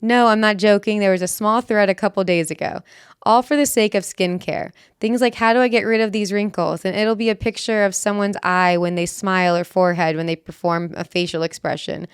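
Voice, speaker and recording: Smooth-voiced woman podcast co-host. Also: mid-range voice, steady tone, brisk, no room sound, studio quality. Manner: laughs easily, short backchannel replies. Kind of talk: casual chat, reading posts aloud.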